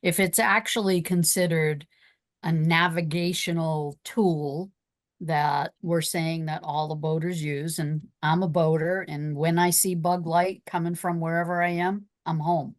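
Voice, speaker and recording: A woman on a town committee speaks slowly and earnestly in a low voice. The sound is close and dry, with little room echo. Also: fairly even intonation. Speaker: committee member. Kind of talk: town meeting discussion.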